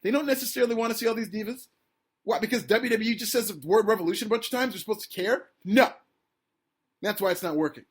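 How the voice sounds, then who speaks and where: A man hosting a podcast, delivering an opinionated, sarcastic solo rant that climbs toward near-shouting. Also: sits high, quick pace, slightly rough. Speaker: podcast host.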